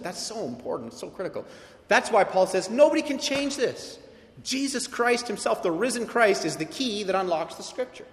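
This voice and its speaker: A male pastor preaching a sermon in a lively, conversational way, swinging from loud emphatic quotes to quiet, intimate asides. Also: high-pitched. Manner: animated, conversational, quoting with shifting intensity. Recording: echoey hall with long reverb.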